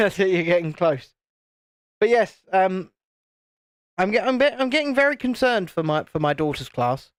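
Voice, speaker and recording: Man, from the UK, live-stream host, joking, chatty, animated voice, dry close sound. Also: high voice, measured pace, pauses often, smooth, dry recording. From United Kingdom. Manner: joking, chatty, reads out viewer comments. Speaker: YouTube channel host. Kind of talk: casual live-stream chat while building.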